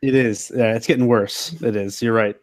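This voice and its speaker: A man's voice: medium pitch, steady tone, moderate pace, no echo. Male player, eager and stammery, dry close sound. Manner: eager, stammering, repeats words. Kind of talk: casual tabletop role-play.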